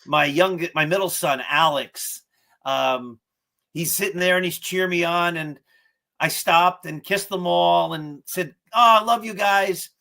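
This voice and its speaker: A man's voice: on the high side, unhurried, creaky. A middle-aged man hosting an interview podcast, chatting casually and laughing as he tells stories. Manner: animated, laughs while telling stories. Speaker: podcast host.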